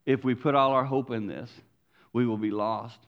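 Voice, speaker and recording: A man preaching a sermon as pastor, animated and acting out voices. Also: medium pitch, moderate pace, muffled recording.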